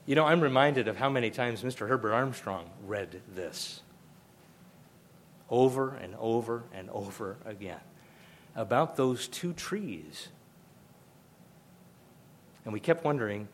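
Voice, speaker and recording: An older male pastor delivers a sermon in a voice of ordinary middle pitch. He talks conversationally but with emphasis, repeating key points to drive them home. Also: animated, a little slow, pauses often, a little hiss or hum.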